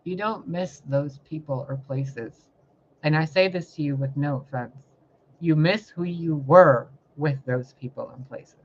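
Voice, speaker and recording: A woman's voice: deep voice, a little slow, dull audio, slight background noise. Fiery, confrontational woman ranting. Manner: fiery, confrontational, heavy swearing, rhetorical questions. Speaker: tarot reader and spiritual channel host. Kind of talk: impassioned spiritual monologue.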